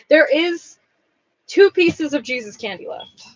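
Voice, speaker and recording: A woman's voice: high-pitched, expressive, normal speed, no echo, highs cut off. A woman who owns a craft shop, chatting casually on a livestream while she packs orders, rambling and blunt.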